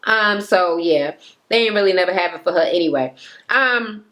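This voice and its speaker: Chatty, animated woman gossiping. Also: fairly low pitch, moderate pace. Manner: chatty and gossipy, with frequent fillers and profanity. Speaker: reality TV recap vlogger. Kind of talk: casual rambling recap.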